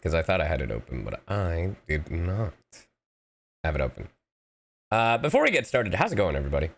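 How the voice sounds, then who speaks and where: Male streamer, low voice, very animated pitch, casual and jokey, slightly sick. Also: a little fast, gravelly, a little hiss or hum. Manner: playful, goofy asides and repeated phrases. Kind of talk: casual live-stream chat.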